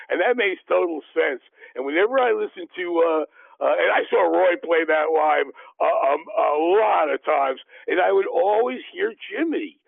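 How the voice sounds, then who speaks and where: Older male podcast host, gravelly and slightly high, rambling storyteller, thin phone-quality audio. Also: no echo. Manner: rambling, halting, many fillers and restarts. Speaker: podcast host telling stories. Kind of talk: anecdotal interview storytelling. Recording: dry, tinny phone-like line.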